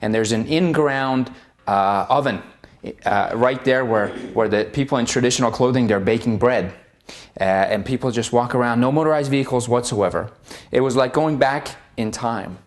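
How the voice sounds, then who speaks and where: A man's voice: medium pitch, moderate pace. Man, chiropractor, earnest personal storytelling, vivid present tense, frequent fillers.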